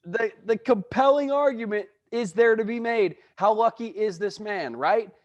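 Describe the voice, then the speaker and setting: A man's voice: high-pitched, moderate pace, no echo, lo-fi sound. A man co-hosting a podcast, giving emphatic, opinionated sports takes in casual chat. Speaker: podcast co-host.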